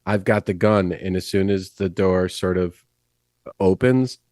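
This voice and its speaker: Blunt, low-voiced male player. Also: a little slow, a little mellow, dry recording, clean studio sound. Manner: blunt, urgent, tough-talking. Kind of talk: in-character tabletop play.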